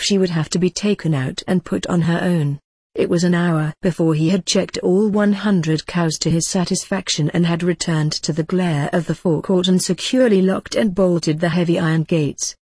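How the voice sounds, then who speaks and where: A narrator reading a tense rural story in a steady, measured audiobook style, with a husky tone. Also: mid-range voice, no echo, clean studio sound.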